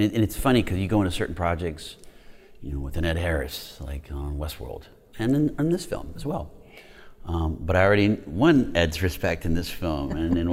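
A man talking casually about preparing for a role, halting with many restarts. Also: rumbling low, darkish tone. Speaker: actor recalling work. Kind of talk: casual anecdote.

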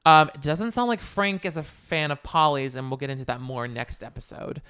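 A woman's voice: sits low, moderate pace, a bit bright, clear, resonant tone. A woman co-hosting a casual chat, opinionated and emphatic, laughing often. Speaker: podcast co-host. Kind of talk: casual chat about reality TV.

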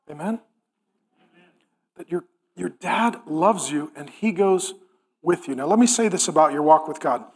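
High-voiced man preaching a sermon. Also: expressive, a little slow, pauses often, slightly rough. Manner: emphatic, drops to a hushed intimate tone for stories. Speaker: pastor.

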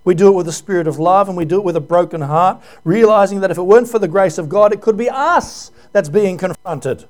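A man's voice: sits high, fairly quick, few pauses. A male pastor giving an earnest, emotional sermon full of rhetorical questions.

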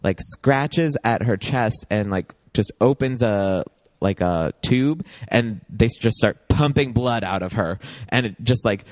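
A man's voice: fairly low pitch, measured pace, no echo. Rambling man, dry close sound. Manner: rambling, many fillers and laughs. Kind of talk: casual chat about a TV show.

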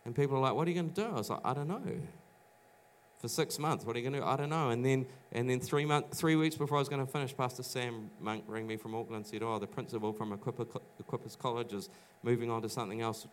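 A fast-talking middle-aged pastor from New Zealand, medium in pitch, preaches in a church auditorium, and the recording carries a little hiss or hum. His sermon shares personal testimony in a conversational way, full of restarts and acted-out quoted voices.

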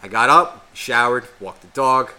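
A man's voice: medium pitch, measured pace, sharp tone. A man co-hosting a podcast, telling a rambling story in casual chat full of swearing. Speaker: podcast co-host.

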